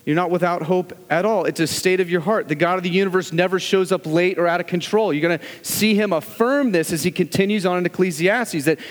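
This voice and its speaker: A man preaching a sermon as a pastor, earnest and full of rhetorical questions, moving between loud urging and hushed, low passages. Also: fairly quick, few pauses, long reverb tail.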